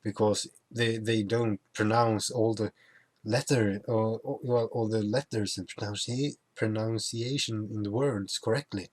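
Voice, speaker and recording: A man's voice: lowish voice, steady tone, measured pace, a little mellow. A young man who is not a native English speaker, chatting casually through a travel vlog, with many fillers and restarts. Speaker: vlogger.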